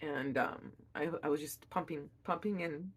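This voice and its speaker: A young woman, a mother, telling a personal story in an emotional, halting way with many restarts. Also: deep voice, husky. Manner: emotional, reliving events.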